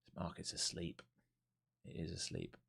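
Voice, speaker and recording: Deep-voiced london guy on a trading stream, chill and blunt, chatty. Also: little pitch movement, normal speed, creaky, fairly bright tone, breathy edge. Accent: London English. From London, England. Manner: laid-back, chatty, blunt, swears now and then. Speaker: live-streaming day trader. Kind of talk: casual live-stream chat and market commentary.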